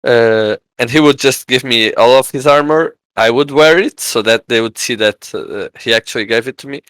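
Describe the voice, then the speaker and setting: A man with a Portuguese accent, a podcast guest telling a story in casual chat, halting with many fillers. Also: medium pitch, fairly bright tone, clean tone, no echo, poor audio. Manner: halting, many "uh" fillers, acts out quoted voices.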